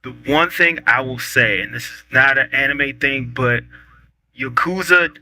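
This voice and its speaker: A man in a casual group chat, giving relaxed, laid-back advice. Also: medium pitch, unhurried, rough recording.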